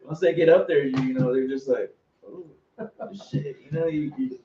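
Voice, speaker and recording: A man who plays bass, a guest on a podcast, telling stories and doing goofy voices. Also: fast, reverberant, highs cut off, crowd noise. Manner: animated storyteller, does goofy voices. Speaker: guest musician. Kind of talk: casual podcast chat.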